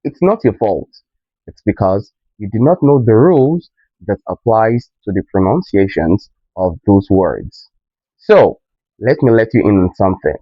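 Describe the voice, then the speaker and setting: Slow, lively-voiced man teaching pronunciation. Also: fairly low pitch, no room sound, muffled recording. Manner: emphatic, drawn-out example words. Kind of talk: slow explanatory lesson.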